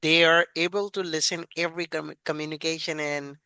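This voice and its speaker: A man's voice: on the high side, little pitch movement, brisk, pushed and bright, smooth, no echo. A man hosting an interview, eager and polite, asking questions on behalf of his audience and calling his guest sir. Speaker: interview host.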